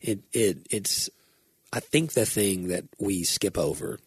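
A man's voice: sits low, slow, breathy edge, no echo, studio quality. A man talking reflectively in casual conversation, often stumbling and repeating words as he searches for them.

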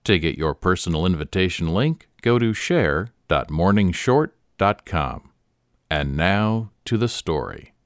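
Deep-voiced male story narrator. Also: big pitch swings, measured pace, dry recording, clean studio sound. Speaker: podcast host and story reader. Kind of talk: scripted narration.

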